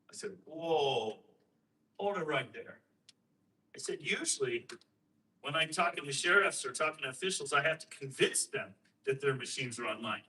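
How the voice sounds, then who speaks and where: A man talking to a host, explaining and telling a story with emphatic rhetorical questions and lively quoted voices. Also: on the high side, moderate pace, recorded from a distance, rough recording. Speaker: guest speaker on election systems.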